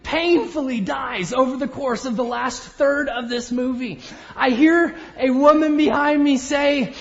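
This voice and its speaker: A man's voice: very high-pitched, fairly even intonation, moderate pace. A man in his thirties preaching a sermon, telling a story with self-deprecating humor. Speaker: pastor. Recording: dull audio with long hall reverb.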